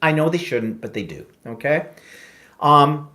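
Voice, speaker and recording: A man spinning a casual story on his talk show, his pitch swooping up and down with lively expression. He slips into sarcasm and quick impressions of the people he talks about, keeping it all chatty and loose. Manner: animated, sarcastic, mimics voices in anecdotes. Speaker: podcast co-host.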